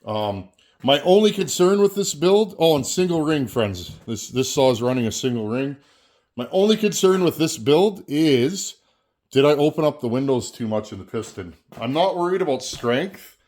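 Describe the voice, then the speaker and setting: This time the chainsaw channel's Canadian host sounds fairly high and sing-song, with a darkish tone at a moderate pace. He chats in a casual, folksy way to camera while working on a saw, repeating words as he goes.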